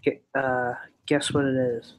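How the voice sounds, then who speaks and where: A man's voice: medium pitch, level tone, unhurried, slight background noise, low-quality recording. A young man hosting a casual livestream chat, rambling and giggly, often restarting his sentences. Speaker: livestream host.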